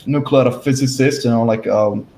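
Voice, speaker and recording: A man in a casual discussion, speaking haltingly with many fillers and restarts. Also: mid-range voice, dark tone. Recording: echoey room, faint noise.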